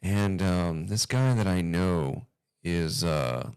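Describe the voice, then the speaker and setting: Low, smooth male commentator with a dry close sound, casual and rambling with frequent swearing. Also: animated, slow, darkish tone, dry recording. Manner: rambling, profane, uneasy. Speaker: commentary video host.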